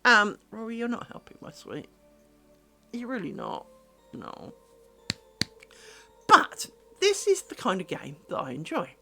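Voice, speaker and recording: A woman's voice: mid-range voice, wildly swooping pitch, measured pace, long pauses, sharp tone, soft background music. A woman live-streaming at home, chatting casually and wryly on a desk mic, teasing herself and talking to her pets. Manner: chatty, wry, self-deprecating, talks to her pets. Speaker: craft streamer. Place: home craft room. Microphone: desk microphone.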